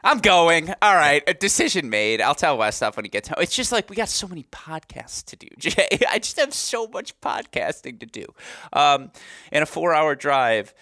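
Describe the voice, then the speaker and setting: A young man in his twenties co-hosting a podcast, chatting casually in an animated, rambling, jokey way. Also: fairly high pitch, moderate pace, no room sound, studio quality. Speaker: podcast co-host.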